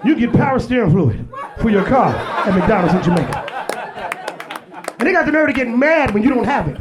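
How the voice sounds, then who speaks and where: A man's voice: very high-pitched, sing-song, brisk, crowd noise, background noise. A male stand-up comedian doing a profane, punchy set on stage. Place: stage before live audience.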